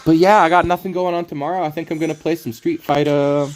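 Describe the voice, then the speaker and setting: A man's voice: fairly high pitch, steady tone, quick pace, soft background music. A man streaming a card game, rambling through casual commentary, playful and laughing often.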